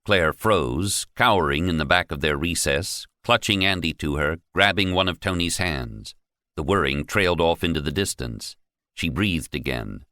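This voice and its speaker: A male audiobook narrator with a deep voice reads scripted narration in a measured, steady storytelling style. The recording is studio quality with no echo.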